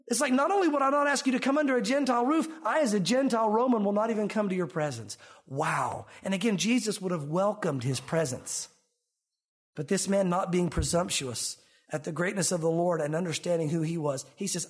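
A male pastor preaching a sermon in an animated way, swinging between emphatic and hushed delivery. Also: high voice, a little fast, husky.

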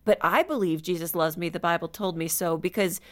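A woman author joins a faith talk show as a guest, her voice sitting slightly low. She talks earnestly and grows animated as she tells stories. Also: a little fast. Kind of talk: casual radio conversation.

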